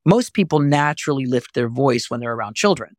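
Animated man coaching voice, lively pitch. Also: a little fast, no echo, studio quality. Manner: animated, often jumps high to demonstrate. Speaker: voice coach and podcast host. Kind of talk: podcast voice lesson.

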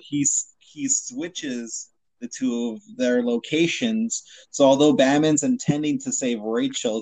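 A man chatting casually on a podcast about a film moment that shocked him. He tells it with animation and acts out the characters' lines. His voice is mid-pitched and dry, close to the mic. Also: dry recording, rough recording. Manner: animated storytelling, acts out quotes. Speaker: podcast co-host. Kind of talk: casual movie chat.

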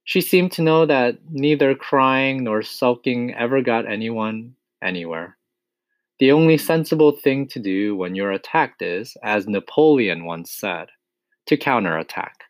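A man reading a children's storybook aloud, steady and expressive. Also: medium pitch, a little slow, no echo. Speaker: narrator.

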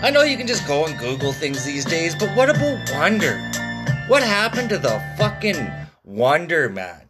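A man's voice: fairly high pitch, big pitch swings, normal speed, over loud music. A man hosting a podcast from Canada, telling stories in a profane, laid-back way. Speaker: podcast host. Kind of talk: casual rambling monologue.

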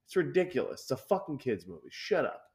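A man's voice: mid-range voice, very animated, quick pace, darkish tone. A profane, rambling young man. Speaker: podcast co-host. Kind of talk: casual chat.

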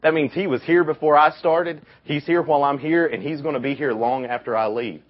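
A young man with a deep voice gives a casual youth camp sermon, telling stories and acting out the quotes with lively energy. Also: a little fast. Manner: animated storytelling, acts out quotes. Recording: dull lo-fi recording.

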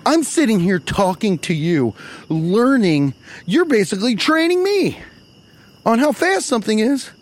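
Guy doing a cussing stand-up rant, high voice that swings all over the place. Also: very animated, a little slow. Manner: profane, exasperated, acts out the characters he quotes. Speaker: comedian. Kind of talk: stand-up storytelling.

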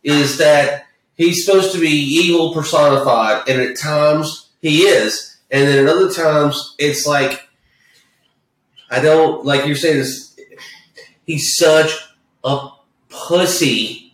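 Man, casual podcast chat, rambling and foul-mouthed, somewhat high voice, echoey room, sits far from the mic. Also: takes it slowly. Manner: rambling, profane, with many false starts.

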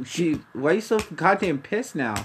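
A man's voice: on the high side, expressive, moderate pace, a little hiss or hum. Young guy, defensive and exasperated, casual crude chat, laughs through stories. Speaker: friend in a recorded chat. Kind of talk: casual banter.

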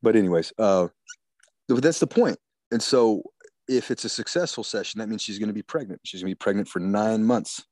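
A man's voice: on the low side, darkish tone, no room sound. A man talking in a crude, rambling, profane way in casual chat.

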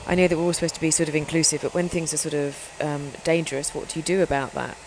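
Low-voiced English woman, rambling chat. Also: little pitch movement, fast, noisy background. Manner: rambling, many fillers and hedges. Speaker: host. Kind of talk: casual radio chat.

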